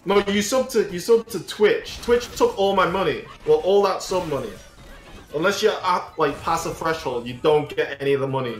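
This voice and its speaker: A man's voice: fairly high pitch, normal speed, faint music behind. A man teasing his friends in casual chat during a gaming stream. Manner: teasing, playful. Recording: roomy echo.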